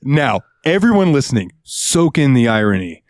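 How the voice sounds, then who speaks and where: A man tells a work story on a casual podcast, cursing freely and jumping into voices. His pitch rises and falls a great deal, and the sound is dry and close to the mic. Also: moderate pace, no room sound. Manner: animated, profane, swings into voices. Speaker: podcast co-host.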